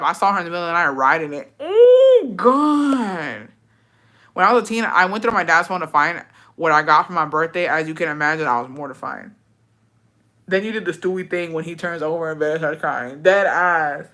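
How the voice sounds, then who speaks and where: With a lowish voice and a sharp tone, a woman tells a personal story during a livestream, chatting casually and crudely. She answers viewers' comments bluntly, frequently tagging "bitch" on the end.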